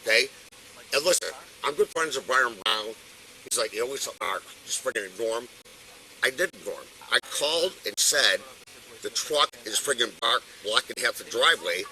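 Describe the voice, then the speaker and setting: A man's voice: medium pitch, lively intonation, normal speed, sharp tone, a little hiss or hum, low-quality recording. An older man arguing insistently with police outdoors, caught on a body camera. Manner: agitated, insistent, swearing. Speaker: detained resident. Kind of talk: heated argument with police. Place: outdoors on a street.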